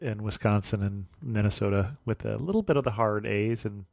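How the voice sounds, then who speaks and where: A man hosting a travel podcast interview, relaxed and chatty, often chuckling and giving short affirmations. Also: fairly low pitch, a little fast, gravelly, no room sound, studio quality. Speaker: podcast host. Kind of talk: conversational interview.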